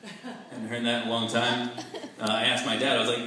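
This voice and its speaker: A man doing a stand-up comedy set, deadpan with laughing asides, on a club stage. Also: mid-range voice, normal speed, pauses often. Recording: echoey club with crowd laughter. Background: audience laughing.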